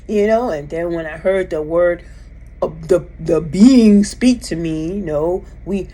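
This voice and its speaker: A woman telling a personal story in a casual, animated way, emphatic and rambling with restarts. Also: on the low side, a little slow, poor audio. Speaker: vlogger recounting a personal experience.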